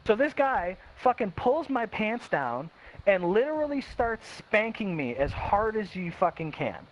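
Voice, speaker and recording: A man's voice: high-pitched, very animated. A young man telling a personal story in a blunt, casual way, swearing heavily and acting out quotes. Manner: blunt, heavy swearing, quick quoted voices, restarts. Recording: dull lo-fi with faint hiss.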